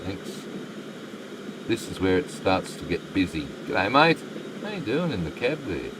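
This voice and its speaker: A man's voice: low-pitched, sing-song, a little slow, noisy background. An Australian man live-streaming a game, chatting with viewers and muttering asides to the game. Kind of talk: live stream commentary, reading chat.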